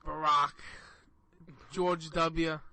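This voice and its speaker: Young male co-host, high bright voice, wisecracking radio banter. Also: level tone, very slow. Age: 20s. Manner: wisecracking, mocking.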